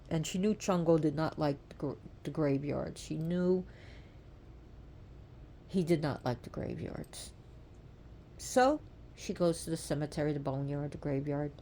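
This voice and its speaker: A woman with a somewhat low voice retells an old myth with raw feeling. She repeats words for weight and asks the listener direct questions. A faint background hiss runs underneath. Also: dark tone. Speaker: storyteller. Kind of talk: emotional oral storytelling of myth.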